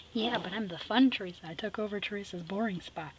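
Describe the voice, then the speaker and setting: A middle-aged woman hosting an art tutorial, chatty and teasing, narrating as she paints and dropping into soft whispered asides. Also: mid-range voice, quick pace, hardly any pauses, noisy background.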